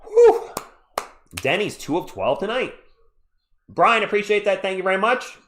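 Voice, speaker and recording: A man hosting a live play-by-play stream, calling the action and chatting with viewers in an excitable, jokey way. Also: high-pitched, normal speed. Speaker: livestream play-by-play host. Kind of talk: live play-by-play with chat reactions.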